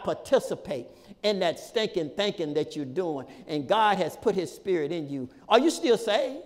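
A male pastor preaching a sermon in a folksy, repetitive style, with shouted peaks and laughter between points. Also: high-pitched, sing-song, unhurried, in a large hall. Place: church sanctuary.

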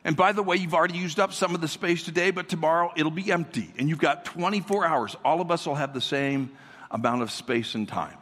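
A man with a notably high, slightly husky voice preaches as a guest pastor, energetic and full of repetition. He keeps calling on the congregation to answer him. His words ring out with a long reverb through a large church hall. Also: a little fast. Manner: energetic, calls for congregation responses, repeats words. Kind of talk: sermon.

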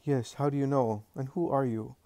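A man's voice: mid-range voice, fairly even intonation, normal speed, warm tone, no echo, lightly acted. A man voicing a frail, nearly blind old peasant woman who is grateful and full of wonder.

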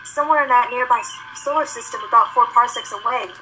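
A woman voicing an attentive female communications officer who reports in a crisp tone. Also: fairly high pitch, fast, pushed and bright, faint music behind, rough recording. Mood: reporting.

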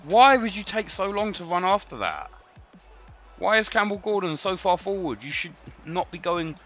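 A man's voice: sits high, lively intonation, moderate pace, a bit bright. A man live-streaming a football video game, swearing and ranting in frustration at his players. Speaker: gaming streamer. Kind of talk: live gameplay commentary. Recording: dull lo-fi stream audio with faint music.

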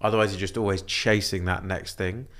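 A young man speaking as a podcast guest, talking in a relaxed, reflective way with loose, meandering phrasing. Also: low-pitched, a little fast. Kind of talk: casual conversation.

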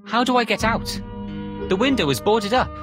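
A man's voice: sits high, normal speed, over music. A man voicing a bold, cheeky young soldier in a cartoon fairy tale. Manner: lively, cheeky.

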